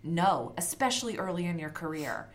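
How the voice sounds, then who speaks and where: Woman, 30s, podcast co-host; low, animated voice, blunt and salty. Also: normal speed. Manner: blunt, swears freely, animated storyteller. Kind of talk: casual chat.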